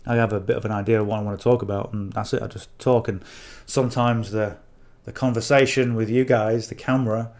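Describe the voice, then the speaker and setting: A man's voice: lowish voice, level tone, fairly quick, hardly any pauses, darkish tone. A middle-aged man with a northern English accent giving rambling coaching to camera, checking in with "okay?" and "you know" as he goes. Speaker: affiliate marketing coach. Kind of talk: casual talk to camera.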